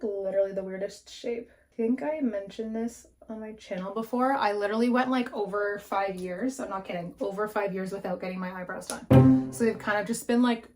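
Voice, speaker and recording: A woman's voice: mid-range voice, creaky, a little mellow, slight background noise. Chatty young woman doing a makeup tutorial. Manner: chatty, frank and swears casually. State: breathing heavily. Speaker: beauty vlogger. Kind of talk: casual makeup tutorial chat.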